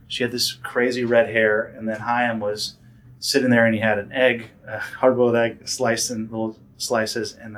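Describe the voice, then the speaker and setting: A man telling stories in a casual interview, animated and full of fillers and restarts, often acting out other people's voices. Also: medium pitch. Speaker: guest, director and actor.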